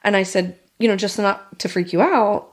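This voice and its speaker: A woman telling a rambling story to a friend on a podcast, her pitch sitting in a middle range. She swears freely and jumps into the voices of the people she quotes. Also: moderate pace. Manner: animated storyteller, swears a lot, acts out quotes. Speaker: podcast co-host. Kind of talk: casual chat.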